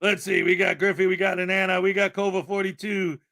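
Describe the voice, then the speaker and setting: A man from the American Midwest hosting a live stream in casual chat, boisterous and given to loud hype shouts and laughter. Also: high voice, level tone, fairly quick, gravelly, heavy background noise. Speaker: livestream host. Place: house in Florida.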